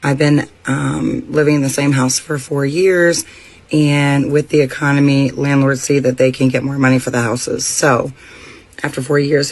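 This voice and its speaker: Flat, matter-of-fact man. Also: medium pitch. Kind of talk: personal account.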